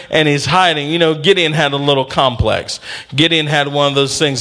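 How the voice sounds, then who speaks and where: Pastor preaching in church, higher voice, keeps calling out to the congregation. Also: male voice, a little fast, pushed and bright. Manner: emphatic, call-and-response. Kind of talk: sermon.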